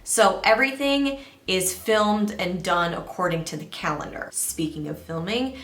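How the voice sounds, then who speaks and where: A woman in her thirties talking casually to camera as a beauty vlogger, chatty and animated, dropping into hushed asides. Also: medium pitch, unhurried, echoey room, a little hiss or hum. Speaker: beauty YouTuber. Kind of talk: casual vlog talk to camera.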